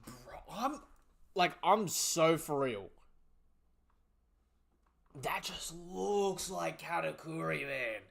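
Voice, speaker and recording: An excitable young man reacts live, full of slang and cutting himself off mid-thought. His voice sits a bit high and rings bright and forceful, and his delivery comes in quick bursts. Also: gravelly. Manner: excitable, slangy, breaks off and restarts mid-sentence. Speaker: manga reaction host.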